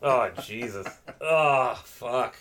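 A man's voice: medium pitch, drawn-out words. A man in his late thirties, co-hosting a podcast and telling stories in casual chat, laughing often. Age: 30s. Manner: animated storyteller, laughs often. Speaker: podcast co-host.

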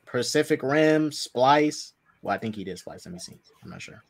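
A man's voice: medium pitch, lively intonation, normal speed, creaky, slight background noise. Laid-back blunt man chatting. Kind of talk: casual podcast chat.

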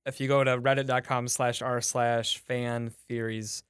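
Smooth-voiced man retelling a comic. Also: medium pitch, little pitch movement, measured pace, a bit bright, no room sound, studio quality. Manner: retelling a comic with lots of fillers and restarts. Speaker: podcast producer and guest. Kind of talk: casual podcast chat.

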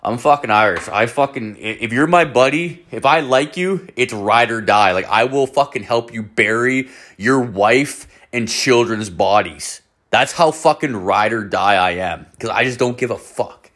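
A man's voice: medium pitch, unhurried, hardly any pauses. A young man hosting a podcast, telling a story in casual chat, rambling and swearing heavily. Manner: heavy swearing, rambling and animated. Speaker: podcast host.

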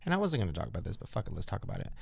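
A man's voice: deep voice, wildly swooping pitch, racing, creaky, husky, no room sound, studio quality. A man hosting a podcast in casual, blunt, joking chat. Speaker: podcast host.

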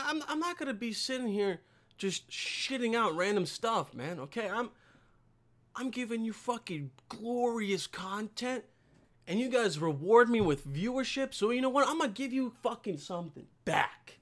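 A man's voice: very high-pitched, expressive, normal speed. A man hosting his own podcast, rambling through a casual, profanity-heavy solo rant with lots of emphasis. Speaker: podcast host.

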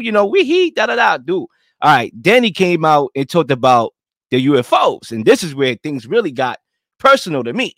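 A man's voice: medium pitch, a bit bright, dry recording, clean studio sound. A man hosting a podcast, talking in a rambling, conversational way with lots of fillers. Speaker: podcast host. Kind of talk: casual debate chat.

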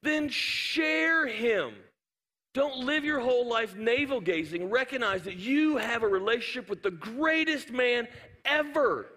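High, bright-voiced pastor preaching with humor. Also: male voice, unhurried, long reverb tail. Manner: humorous storytelling, animated asides. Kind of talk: sermon. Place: church auditorium.

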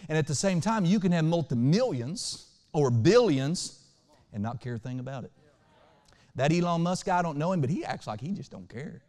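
A male pastor preaching a sermon. He swings between loud and hushed lines and asks the congregation to respond. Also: a little high, lively intonation, moderate pace, long reverb tail.

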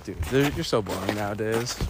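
A man's voice: on the low side, fairly quick, loud music behind the voice. A young man joking and teasing a friend in casual banter while walking a trail outdoors. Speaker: podcast co-host. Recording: loud outdoor noise.

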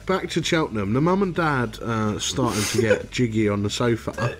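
A man's voice: medium pitch, lively intonation, normal speed. A man co-hosting a casual movie review chat, crude and jokey, often laughing as he talks. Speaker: podcast co-host.

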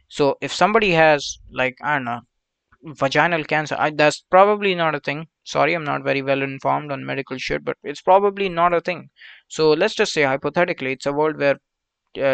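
A man's voice: on the high side, vocal fry, fairly bright tone, clear, resonant tone, dry recording. A man hosting a solo podcast, rambling crudely with lots of profanity, fillers and side tangents. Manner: meandering, with frequent fillers and asides. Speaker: podcast host.

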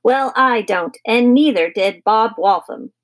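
A woman's voice: a little high, measured pace. A woman voicing a grumpy, fierce father who is fed up with his son in a storybook reading. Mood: exasperated. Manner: stern, exasperated, shouting.

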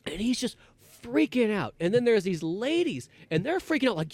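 A man hosting a podcast, telling a rambling, animated story in casual chat and acting out quotes in a raised voice. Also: high-pitched, brisk, no echo. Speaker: podcast host.

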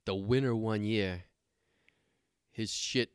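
A man's voice: on the low side, slow, clean tone, no echo, clean studio sound. A man on a podcast telling crude stories in a rambling, casual way and acting out other people's lines. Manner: rambling storyteller with coarse humor, acts out other people's voices.

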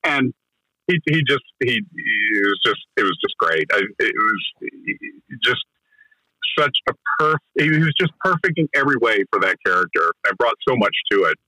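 A man's voice: fairly low pitch, very animated, moderate pace, bright, forceful tone, no room sound, low-quality recording. A man, a film director, eagerly recounting production stories in an interview, often restarting his sentences. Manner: enthusiastic storyteller with frequent restarts. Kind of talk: conversational interview anecdote.

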